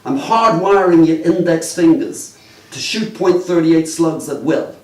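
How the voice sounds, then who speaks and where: A man doing live character comedy as a detective, delivering deadpan mock-official patter to the audience. His pitch swings widely. He echoes through a live venue and is picked up from a distance, with faint noise behind. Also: a little slow.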